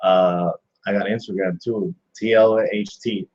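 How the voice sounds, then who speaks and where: A man's voice: fairly low pitch, fairly even intonation, measured pace, darkish tone, muffled recording. A young man, a pro wrestler guest, talking casually on a radio show, boastful and cocky with lots of fillers. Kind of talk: casual interview chat.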